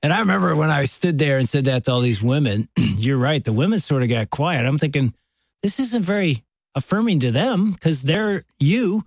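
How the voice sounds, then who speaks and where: A middle-aged man co-hosting a casual talk show, easygoing and quick to laugh at himself. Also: a little high, animated, dry recording. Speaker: co-host. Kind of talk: casual chat.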